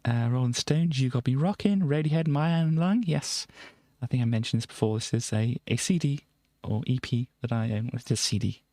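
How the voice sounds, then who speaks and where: A woman's voice: extremely low pitch, expressive, fairly quick, few pauses, mellow, dry recording. A woman hosting a livestream, chatting casually as she reads out old music charts, rambling and chuckling with many ums and self-corrections. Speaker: livestream host.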